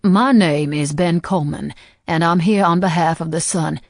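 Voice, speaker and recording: A woman voicing a tall, sweaty businessman with a Southern accent, speaking politely and deliberately. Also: fairly low pitch, no room sound, studio quality. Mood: formal.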